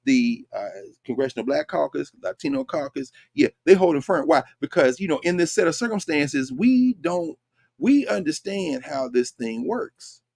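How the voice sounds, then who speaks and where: A man's voice: a little high, animated, moderate pace, creaky, darkish tone, no room sound, clean studio sound. A man hosting a lecture-style commentary show, talking emphatically and conversationally and putting rhetorical questions to his listeners. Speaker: host.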